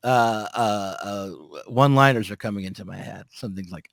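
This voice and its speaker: A man's voice: on the low side, fairly quick, gravelly, few pauses, no room sound. A man hosting a podcast, chatting casually with a guest, hesitant and joking with many restarts. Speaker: podcast host. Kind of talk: casual conversational interview.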